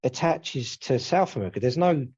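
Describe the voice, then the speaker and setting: A man, hosting a podcast and chatting casually, animated and sweary as he rambles. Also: mid-range voice, normal speed, slightly rough. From England. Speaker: podcast host. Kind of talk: casual chat. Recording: dull lo-fi sound.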